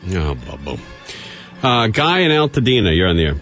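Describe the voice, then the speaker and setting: A man hosting a live call-in radio show, brisk and wisecracking. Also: medium pitch, very animated, a bit bright, soft background music. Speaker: radio talk show host.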